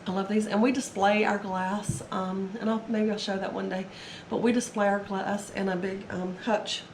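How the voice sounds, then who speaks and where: A woman who resells and vlogs about it walks through her haul in a casual, meandering way, sounding a bit strained as she recovers from illness. Her mid-range voice is flat in delivery and moderate in pace. Slight background noise and faint ambience are heard in the echoey room.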